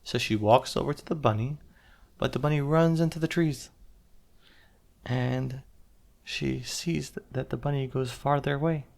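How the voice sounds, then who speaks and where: A man telling a simple story to a small child, stopping to ask questions and explain words gently. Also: mid-range voice, a little slow, vocal fry. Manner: interactive, asks the listening child questions.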